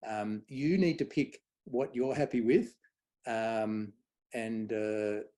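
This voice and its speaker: A middle-aged man, a guest on event safety, telling anecdotes in a lively way and acting out quoted dialogue. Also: on the low side, slow. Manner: animated storyteller, acts out quoted dialogue. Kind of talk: conversational anecdote.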